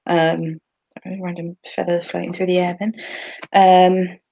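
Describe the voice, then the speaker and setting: Woman, slightly low voice, casual podcast chat, laughs often. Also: little pitch movement, unhurried, gravelly, mellow, highs cut off. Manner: chatty, laughs often while talking. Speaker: podcast co-host. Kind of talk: casual chat about a TV episode.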